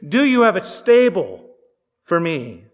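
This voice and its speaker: A man reading aloud as a starving ex-convict who begs for food and shelter, his words tumbling out fast and high. The voice rings through a big church with a long echo. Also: huge pitch swings, exaggerated voice. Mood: pleading. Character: desperate hungry male ex-convict.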